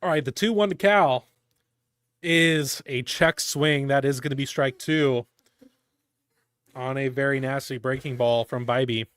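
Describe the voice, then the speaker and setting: A man giving live fan play-by-play of a baseball game, calm between pitches and shouting on big plays. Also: measured pace, pauses often, clean tone, dry recording. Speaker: fan commentator.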